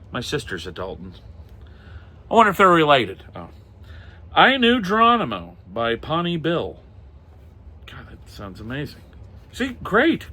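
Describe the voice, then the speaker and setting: This middle-aged man's fairly high voice sounds pushed and bright. He collects comics and pulps, and here he casually shows off old pulp magazines, reading their titles aloud with dry asides muttered under his breath.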